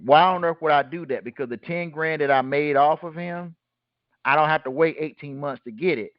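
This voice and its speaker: A man's voice: mid-range voice, no echo. Guy teaching on a call, blunt and slangy, dry, dull lo-fi sound. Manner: asks the listeners rhetorical questions and fills in the answers; blunt and colloquial. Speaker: host teaching a group call. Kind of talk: casual teaching talk.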